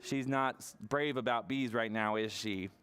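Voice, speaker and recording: A children's librarian reading a picture book aloud at preschool story time, expressive and asking the children questions. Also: mid-range voice, normal speed, smooth.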